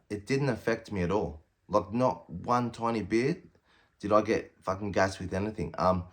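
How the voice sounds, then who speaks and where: A man in his thirties with an Australian accent, telling a prison story bluntly, swearing constantly and acting out what people said. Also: lowish voice. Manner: blunt, heavy swearing, quotes himself and others in raised voices. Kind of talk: casual storytelling.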